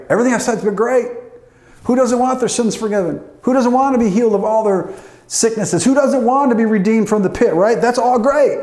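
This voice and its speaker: A man's voice: very high-pitched, a little fast, a little mellow, echoey room. A man preaching a sermon emphatically, calling out to an online congregation. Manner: emphatic preaching with call-outs to the audience. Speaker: pastor. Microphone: online streamed service.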